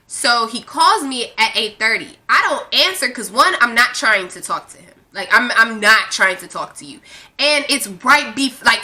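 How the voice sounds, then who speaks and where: A young woman, casually telling a dating story to her viewers, sassy and animated, swearing freely and reading out text messages. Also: mid-range voice.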